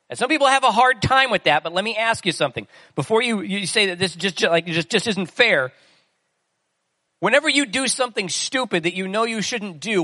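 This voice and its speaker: A pastor preaches a sermon conversationally, asking his listeners questions along the way. His voice is high and sharp, and the recording has no room sound.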